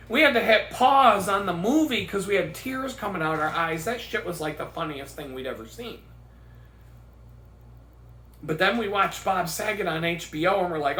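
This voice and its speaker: A man's voice: on the high side, sharp tone, slight background noise. A man in his forties ranting casually on his vlog, rambling and profane, telling stories with bursts of laughter. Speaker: vlogger. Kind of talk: casual rant. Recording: echoey room.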